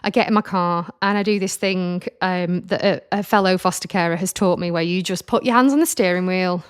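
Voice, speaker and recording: A woman's voice: lowish voice, fairly quick, clean tone. A woman in her forties hosting a podcast, candidly telling a personal story in a chatty, self-deprecating way, with frequent restarts as she retells it. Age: 40s. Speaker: podcast host.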